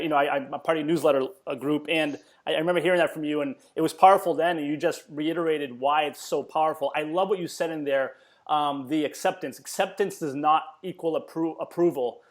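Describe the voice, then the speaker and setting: Fast-talking enthusiastic male host. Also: on the high side, fairly even intonation. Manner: enthusiastic, effusive praise. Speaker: podcast host. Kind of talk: interview.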